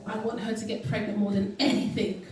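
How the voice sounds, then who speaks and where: Woman guest speaker, earnest and chatty with many ums, mellow tone, far off in a very echoey hall. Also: mid-range voice, flat delivery, fairly quick. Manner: earnest, with frequent ums and restarts. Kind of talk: casual health talk to an audience. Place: event hall.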